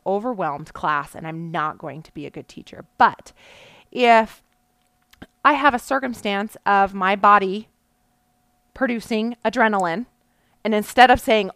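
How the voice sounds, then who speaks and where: A mindset coach with a mid-range, fairly bright voice delivers an earnest, explanatory motivational lesson with no echo. She checks in with her listeners often and punches certain words with bursts of emphasis.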